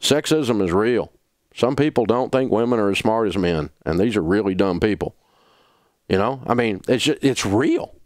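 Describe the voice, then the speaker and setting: A Southern-accented radio host ranting with blunt, preachy conviction. His pitch jumps around a lot, and his voice sits dry and close to the studio mic. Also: expressive, normal speed, darkish tone, no echo. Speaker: radio talk show host. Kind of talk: passionate on-air advice rant.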